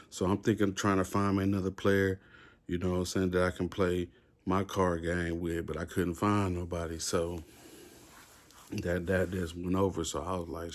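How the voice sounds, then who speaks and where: A man with a low, monotone voice tells a rambling story at normal speed. He's laid-back and leans heavily on fillers and slang, acting out the shouting of the other inmates.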